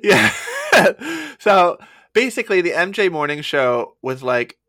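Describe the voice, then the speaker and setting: Man, podcast co-host, casual comedic storytelling, animated, swears, acts out quotes, bright forceful voice, dry close sound. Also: on the high side, measured pace, no room sound.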